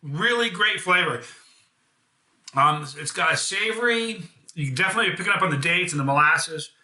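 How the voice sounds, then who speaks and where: A man's voice: fairly high pitch, expressive, normal speed, sharp tone, echoey room. A man from the United States hosting a casual live hot sauce review, chatty and enthusiastic, with self-deprecating jokes.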